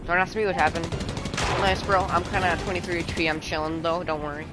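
A man's voice: a little high, quick pace. A young man chatting casually while streaming a game, rambling and calling everyone bro. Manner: rambling, excitable, says bro a lot. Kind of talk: casual gaming chat. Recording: noisy game stream audio.

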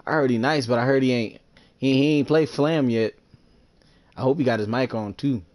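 A man's voice: normal speed, darkish tone, no echo. A young man casually commentating while he plays a sports video game, boastful and full of slang, talking smack about his opponents. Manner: trash-talking, boastful, slangy, breaks into falsetto singing. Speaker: gaming streamer.

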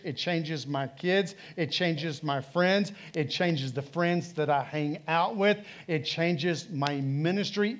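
A man preaching a sermon in a church, driving points home with repeated phrases and rhetorical questions. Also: a little high. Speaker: pastor. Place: church sanctuary.

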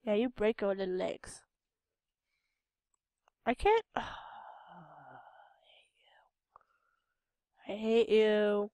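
With a warm, medium-pitched voice, a young game video host from Idaho talks extremely slowly and pauses often, her Western American accent clear. Tired and a bit under the weather, she rambles casually about the gameplay and talks back to the characters on screen, and there's no echo in the recording.

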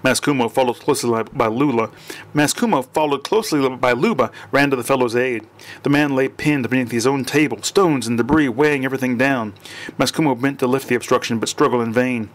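A man's voice: mid-range voice, a little fast. Man reading aloud, stumbling and restarting. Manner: unpolished reading with frequent restarts and self-corrections. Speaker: audiobook narrator. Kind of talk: reading a surreal comic story aloud.

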